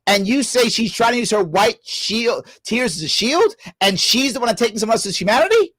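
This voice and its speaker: A middle-aged man hosts a live reaction stream, scolding and sarcastic as he argues with a clip. His pitch swings widely from low grumbles to sharp high jabs. The sound is close and dry. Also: moderate pace, hardly any pauses, husky, dry recording. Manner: animated, scolding, sarcastic, swearing. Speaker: show host reacting to a clip. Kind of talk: heated live-stream commentary.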